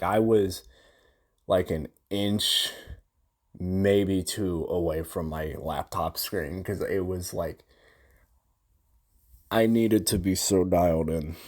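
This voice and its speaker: A man's voice: deep voice, darkish tone. A young man ranting through a gaming story from his room in casual slang, swearing constantly and rambling. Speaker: gamer recapping a session.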